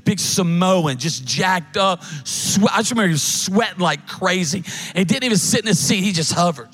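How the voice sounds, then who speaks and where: A middle-aged man, preaching a sermon as a pastor in folksy, animated storytelling with quick asides. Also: high voice.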